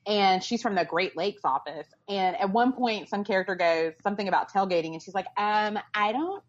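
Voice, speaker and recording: A woman co-hosting a casual pop-culture podcast, talking in a sarcastic, animated way. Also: medium pitch, brisk. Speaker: podcast co-host. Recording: dull lo-fi sound.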